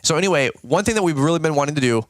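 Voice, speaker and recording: A man's voice: a little high, lively intonation, very fast, no echo. A man hosting a lawn care business channel, giving viewers a casual, rambling update full of "dude" and "okay?".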